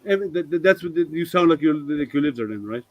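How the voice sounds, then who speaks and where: A man's voice: on the high side, expressive, fast, no room sound, low-quality recording. A man hosting a casual maker hangout, rambling with lots of ums and restarts. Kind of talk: casual chat.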